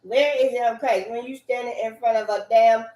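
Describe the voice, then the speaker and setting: A woman ranting in a loud, profane, repetitive way, swinging between loud bursts and low mutters. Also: steady tone, fairly quick. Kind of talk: animated rant. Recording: echoey room.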